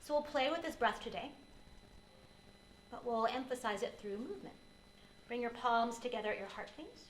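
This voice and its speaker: Gentle woman guiding a yoga class. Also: fairly high pitch, expressive, reverberant, a little hiss or hum, rough recording. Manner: gentle, unhurried cueing of breath and posture. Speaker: yoga teacher. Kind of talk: guided yoga class instruction.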